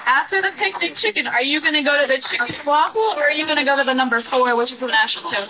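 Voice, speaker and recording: An upbeat woman server speaking in a very high voice. She talks in a friendly service manner. Restaurant noise is clearly heard behind her. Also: racing, highs cut off. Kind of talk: casual chat.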